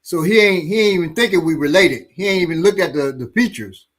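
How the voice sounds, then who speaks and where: A man's voice: high voice, fast talker. A man telling stories in a casual chat, acting out the voices of people in them. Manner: animated, acts out voices in his stories. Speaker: instructor. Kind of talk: casual storytelling.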